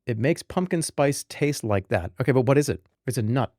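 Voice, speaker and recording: A man's voice: mid-range voice, a little fast, no echo, clean studio sound. Rambling joking streamer man. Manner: rambling, joking banter with chat, swings into loud animated rants. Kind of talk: casual live-stream chat.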